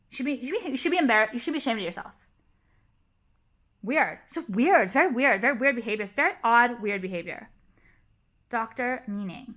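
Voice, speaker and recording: A young woman talks straight to the camera in a heated, profane rant, repeating her points for emphasis. Her voice sits a little high and rings bright and forceful. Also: big pitch swings, moderate pace, pauses often. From Los Angeles area. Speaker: vlogger.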